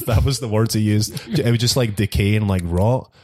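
A man's voice: lowish voice, moderate pace, few pauses, darkish tone, no echo. A man telling a story in a casual chat, rambling and filling gaps with filler words. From Scotland. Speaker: guest storyteller.

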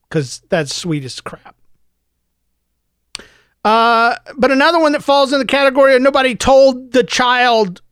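A man's voice: high voice, no echo, studio quality. A middle-aged American man giving an opinionated, exasperated podcast monologue, lecturing listeners as host.

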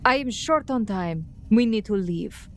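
A woman's voice: medium pitch, animated, a little slow. A woman playing a haughty, cruel aristocrat in a tabletop game, speaking with disdainful drawl.

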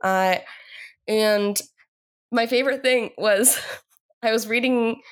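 A woman's voice: on the high side, fairly even intonation, slow pace. A young woman co-hosting a podcast in casual chat, laughing often and talking with fillers. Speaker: podcast co-host.

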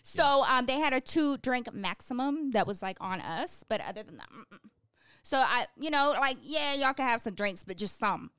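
A young adult woman co-hosting a podcast, telling stories in lively casual chat and acting out what others said. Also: on the high side, normal speed, clear, resonant tone, no room sound, studio quality. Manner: animated storytelling, acts out quotes. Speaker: podcast co-host.

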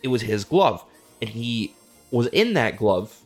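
A man riffs through a comedic monologue in a rambling, profane way. He sounds incredulous, and his pitch jumps around a lot. Faint music plays behind him. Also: sing-song, unhurried. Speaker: host.

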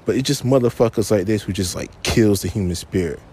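On his own podcast, an upset man goes on an angry solo rant, swearing heavily and restating points for emphasis out of frustration. His voice is fairly low, darkish and husky, and he speaks fairly quickly.

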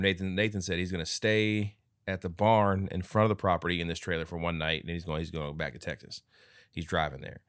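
A man's voice: sits low, no room sound, clean studio sound. A man co-hosting a podcast, telling stories in casual chat, swearing often and acting out the people in them. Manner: animated, swears a lot, acts out the people in his stories. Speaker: podcast co-host.

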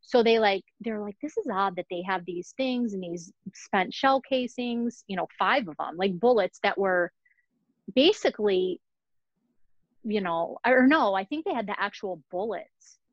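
A woman's voice: mid-range voice, lively intonation, measured pace, no echo. Chatty woman host on a muffled lo-fi mic. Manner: chatty, many fillers and giggles. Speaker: podcast host. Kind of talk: casual true-crime chat.

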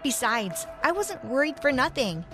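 A woman narrating a first-person story in an animated way, acting out the characters' lines. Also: sits high, normal speed. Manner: animated, voices characters in quotes. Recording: soft music behind.

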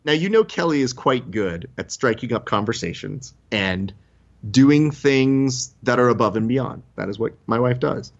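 A man's voice: mid-range voice, normal speed, lo-fi sound. A young adult man telling a story in casual chat, acting out the voices of the people in it. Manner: animated, acts out quoted voices. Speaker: podcast host telling a story.

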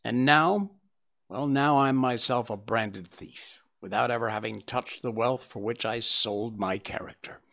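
A man's voice: medium pitch, a little slow, gravelly, pushed and bright. A man playing a desperate, frightened man confessing how he stole, in an audiobook reading. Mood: anxious. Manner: agitated, pleading storytelling.

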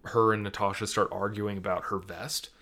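A young man co-hosting a casual podcast, rambling and animated, full of fillers and restarts. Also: fairly low pitch, moderate pace, vocal fry. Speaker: podcast co-host.

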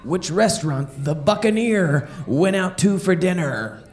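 A man playing a pirate comedian who tells family-friendly jokes and repeats each question before a slow punchline. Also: high-pitched, expressive. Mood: cheerful. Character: jolly joke-telling male pirate comedian.

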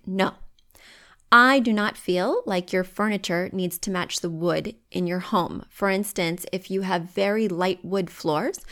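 A woman hosting a home-decor advice podcast from home, chatty and emphatic with firm opinions. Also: on the low side. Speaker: podcast host.

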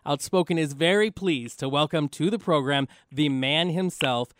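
A man's voice: on the high side, moderate pace, a bit bright, no echo, clean studio sound. A man co-hosting a radio talk show in casual chat, laughing often as he introduces guests.

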